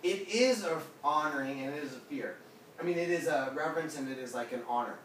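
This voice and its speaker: A man's voice: a little high, quick pace, slight background noise. A man teaching a small group from the Bible. He talks casually and questions his listeners, and he acts out quotes with big changes in his voice. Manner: animated, asks the room questions, acts out quotes. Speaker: pastor. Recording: echoey room, mic at a distance.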